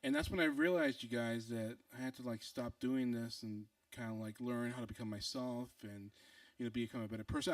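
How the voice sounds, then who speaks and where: A man's voice: medium pitch, fairly even intonation, brisk, no echo, distant mic. A young adult man telling a comic personal story to an audience, acting out other people's lines between fillers and restarts.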